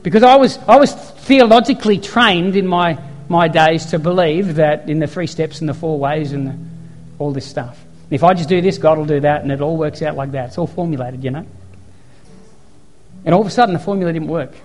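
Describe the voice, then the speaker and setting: A man's voice: fairly high pitch, brisk, long reverb tail, faint music behind. A man preaching a sermon as a pastor, telling stories, acting out quotes and hammering points home through repetition. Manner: storytelling, emphatic repetition, acts out quotes.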